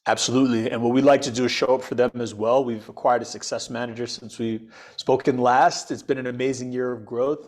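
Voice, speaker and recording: A man guesting on an interview show, talking enthusiastically about teaching and using everyday comparisons to explain things. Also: mid-range voice. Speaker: podcast guest, financial educator. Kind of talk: upbeat interview talk.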